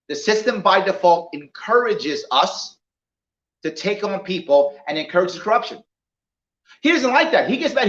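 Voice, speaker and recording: A man speaking as a political candidate to a small crowd, an animated storyteller who acts out dialogue as he makes his points. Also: sits high, normal speed. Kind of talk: campaign talk with acted-out anecdotes. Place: indoor venue, roomy. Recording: echoey room, dull lo-fi sound.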